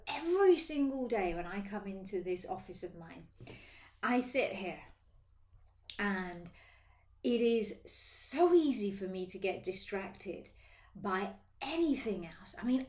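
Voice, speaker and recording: Woman coaching in an echoey office. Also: mid-range voice. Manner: lively, acts out inner voices. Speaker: sales coach. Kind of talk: casual motivational talk to camera. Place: her office.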